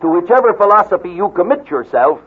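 A man teaching from the Bible in a slow, deliberate, emphatic way, quoting scripture between his explanations. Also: sits high, sing-song, breathy edge. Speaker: preacher. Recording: tinny lo-fi radio broadcast.

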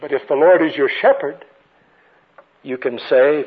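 An older man preaching a sermon with storytelling, moving between ringing emphasis and hushed passages. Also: a little high, a little slow, pauses often, husky. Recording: tinny phone-like radio broadcast.

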